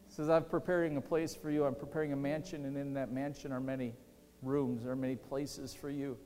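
A man preaching a sermon as pastor, impassioned, swinging between loud outbursts and hushed, tender lines. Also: medium pitch, level tone, a little fast. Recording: reverberant hall.

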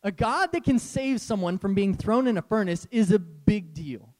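Male pastor, sermon delivery, high voice with big swings, animated and casual. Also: normal speed. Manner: animated, conversational, laughs often.

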